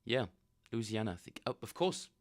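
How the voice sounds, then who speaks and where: A man's voice: lowish voice, lively intonation, moderate pace. A man casually chatting with viewers on a live stream, rambling and joking as he reads chat aloud. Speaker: bass player streaming practice.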